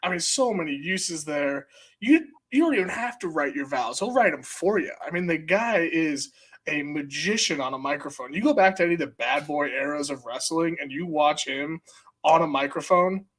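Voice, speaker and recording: A man co-hosting a sports podcast in a studio, talking loud and excitable, swearing and laughing now and then. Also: on the high side, normal speed, breathy edge. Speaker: podcast co-host. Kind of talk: casual sports chat.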